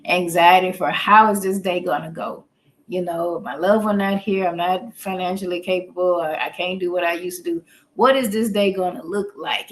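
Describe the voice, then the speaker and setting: A woman's voice: medium pitch, fairly bright tone. A woman therapist talking casually on a podcast, explaining things in an earthy, joking way.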